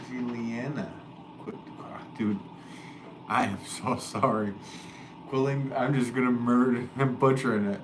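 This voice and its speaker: A man hosting a casual live stream as a potter, rambling and poking fun at himself with easy chuckles. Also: medium pitch. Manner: rambling, self-deprecating, chuckling. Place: pottery studio. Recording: steady background noise.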